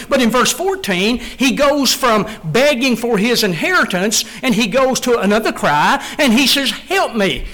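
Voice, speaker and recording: High-voiced man preaching with emphatic force. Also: bright, forceful tone, low-quality recording. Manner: earnest, emphatic, repeats phrases for stress. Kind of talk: sermon.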